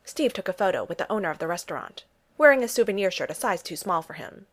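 A woman narrating a story as an even, steady reader. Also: fairly low pitch, quick pace. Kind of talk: storybook reading.

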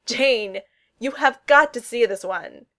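A woman's voice: mid-range voice, very animated, normal speed, fairly bright tone. Woman reading a wry young dragon keeper. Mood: delighted. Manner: playful, sarcastic deflecting.

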